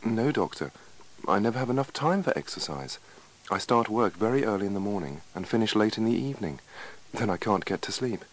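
A man's voice: fairly low pitch, lively intonation, fairly quick, poor audio. A man voicing an anxious, overworked male patient in a scripted dialogue reading, with a worried, pleading manner.

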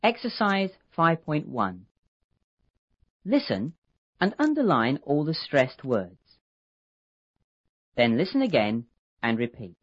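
A woman narrating an English textbook lesson, reading instructions slowly and clearly. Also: sits low, big pitch swings, lo-fi sound. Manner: slow, clearly articulated instructions.

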